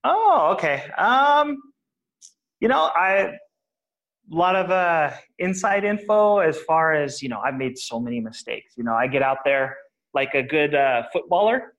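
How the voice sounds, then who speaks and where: A man's voice: fairly high pitch, expressive, a little slow, fairly bright tone, rough recording. A man who is a guest on a podcast and talks about property investing, in a rambling, casual way full of restarts and "uh"s. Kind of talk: casual interview answers.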